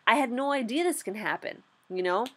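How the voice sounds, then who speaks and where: Her voice is fairly high and husky, and she talks fairly quickly while recapping her beginner stock trading in a relaxed vlog. The young adult woman is candid and lively, with frequent swearing and plenty of "like."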